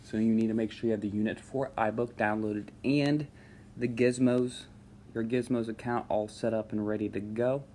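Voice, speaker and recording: Male math teacher, lower voice, easygoing step-by-step delivery, faint background hum. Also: normal speed. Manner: relaxed, talks students through steps with frequent "all right". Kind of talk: screen-recorded math lesson.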